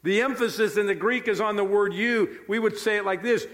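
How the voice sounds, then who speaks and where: A male pastor preaching a sermon with animated, emphatic storytelling. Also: high-pitched, a little fast. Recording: long hall reverb.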